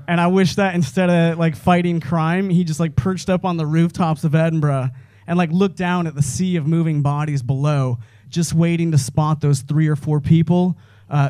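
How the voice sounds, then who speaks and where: An American man doing a stand-up comedy set in a club, rambling and animated, swearing freely and chuckling at his own jokes. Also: fairly high pitch, fairly quick, clean tone. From United States.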